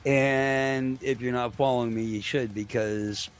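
A man's voice: medium pitch, measured pace, smooth. A man co-hosting a wrestling talk radio show, joking and plugging his social media in casual banter. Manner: animated, jokey self-promotion. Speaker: podcast co-host.

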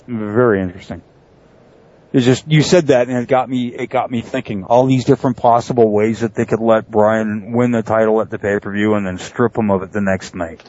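A man's voice: lowish voice, fairly even intonation, a little fast, darkish tone. A man hosting a podcast in casual chat, laughing often and tripping over his words. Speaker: podcast host. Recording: dry, dull lo-fi mic.

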